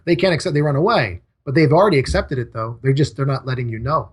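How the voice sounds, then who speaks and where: A man's voice: mid-range voice, sing-song, fast talker, husky. A man talking as an interview guest, emphatic, in short punchy sentences. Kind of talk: casual interview talk.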